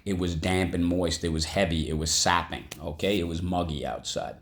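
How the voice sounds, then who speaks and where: A man with a very low, deep voice teaches a vocabulary lesson. He spells words letter by letter and keeps checking in with his students. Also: normal speed. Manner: animated, spells words aloud and checks in with "okay? right?".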